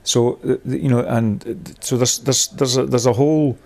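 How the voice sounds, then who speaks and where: A man's voice: medium pitch, fairly even intonation, moderate pace, gravelly, a little mellow. A man leading a workshop, thinking aloud in a rambling, discursive way, with many restarts, and laughing at his own points. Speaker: workshop leader.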